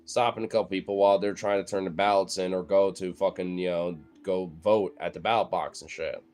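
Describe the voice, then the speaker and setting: A man's voice: sits low, steady tone, a little fast, a little mellow. A man giving a heated, profane, rambling political rant in casual chat, talking straight to his viewers as a streamer.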